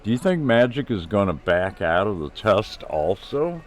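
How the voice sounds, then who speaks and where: A man's voice: lowish voice, very animated, moderate pace. A man reading the lines of a giggly young adult woman, the narrator's girlfriend, who asks plain questions. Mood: questioning.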